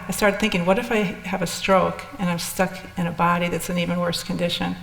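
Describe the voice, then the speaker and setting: A woman's voice: lowish voice, fairly even intonation, a little fast, gravelly, few pauses. An older woman telling her personal story in a candid, rambling way, with restarts and asides. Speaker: speaker sharing experiences. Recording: echoey hall with long reverb.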